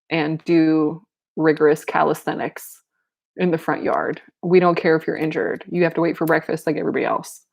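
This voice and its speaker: A woman's voice: on the low side, gravelly. A young woman reading a book aloud and breaking off into casual, laughing commentary and exclamations. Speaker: reader and commentator.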